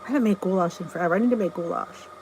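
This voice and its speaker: A woman's voice: fairly low pitch, racing, darkish tone, slight background noise, low-quality recording. Chatty woman hosting a live stream. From New Jersey. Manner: chatty, greets viewers by name, laughs at herself. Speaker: channel host. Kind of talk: casual live-stream chat.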